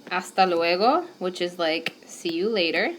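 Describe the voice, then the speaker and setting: Slow, careful woman teaching a lesson. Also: lowish voice, expressive, slight background noise. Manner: slow, careful, patient explanation with fillers. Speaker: Spanish teacher. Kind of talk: recorded whiteboard lesson. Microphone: tablet microphone.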